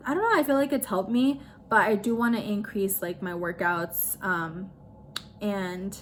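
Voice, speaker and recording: A woman's voice: medium pitch, lively intonation, normal speed, over music. A woman talking casually and emotionally in a personal vlog, with lots of "like" fillers. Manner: chatty, emotional, heavy use of "like". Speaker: vlogger.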